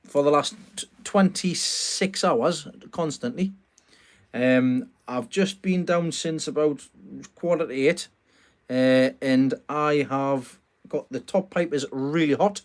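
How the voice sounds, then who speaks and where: A man chatting casually on a live stream from a small greenhouse at night, greeting viewers and laughing often. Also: a little high. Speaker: vlogger hosting a live stream.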